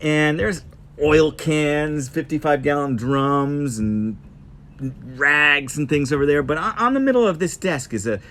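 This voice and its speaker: A man casually telling a travel story as host, in an animated, rambling present-tense way. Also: on the high side, slight background noise.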